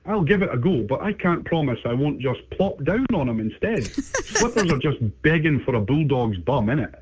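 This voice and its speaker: A man's voice: fairly high pitch, big pitch swings, moderate pace, noisy background. A text-to-speech man's voice playing a chatty, cheeky bulldog with a British accent, heard through a phone line.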